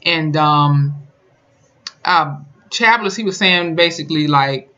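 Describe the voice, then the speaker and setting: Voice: medium pitch, slow, pushed and bright, dull audio. A YouTuber recapping and reviewing a TV episode in a casual, colloquial way, telling the story with lots of emphasis. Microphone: camera mic.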